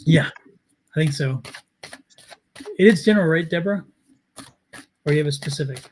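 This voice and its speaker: A man with a Baltimore accent and a fairly high voice, chatting casually on a live tarot stream. He tells stories in an animated, rambling way, his pitch riding up and down. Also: normal speed, a little hiss or hum. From Baltimore, United States. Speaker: tarot reader and co-host.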